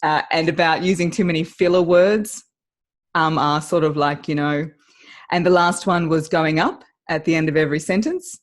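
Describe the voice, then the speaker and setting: An Australian woman, a voice coach, chatting as an interview guest and telling her story in an animated way with frequent laughs. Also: sits low, moderate pace. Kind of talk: casual interview chat.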